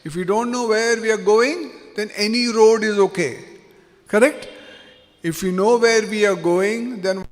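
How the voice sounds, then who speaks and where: Man, workshop facilitator, high voice, long hall reverb. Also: unhurried. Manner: quizzes the audience, joking and animated. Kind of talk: interactive workshop talk. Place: seminar hall.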